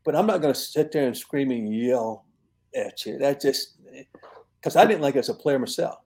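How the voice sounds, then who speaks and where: An older man, a longtime football coach, telling relaxed stories in an interview and laughing at his own tales. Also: mid-range voice, normal speed. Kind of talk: storytelling in an interview.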